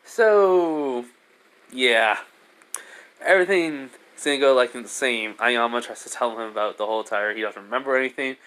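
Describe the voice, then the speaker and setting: A man's voice: mid-range voice, normal speed, fairly bright tone, smooth. A man retells a fan story in a loose, casual way. He rambles, stops and restarts, and laughs often along the way.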